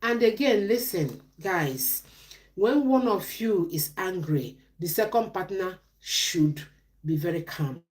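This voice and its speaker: On a live stream, a middle-aged woman with a fairly low, darkish voice gives relationship advice slowly but animatedly. Her tone is preachy, and she poses questions only to answer them herself.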